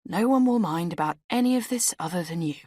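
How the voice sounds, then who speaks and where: A woman's voice: lowish voice, expressive, quick pace, dark tone, no echo. A woman voicing a patient, dry friend who answers in a resigned, sighing way. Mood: weary.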